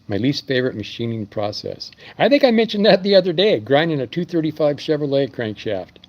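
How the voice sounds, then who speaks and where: A man's voice: a little high, big pitch swings, fairly quick, highs cut off. A man who runs an engine machine shop, rambling through stories in a casual live stream. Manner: rambling storytelling with fillers.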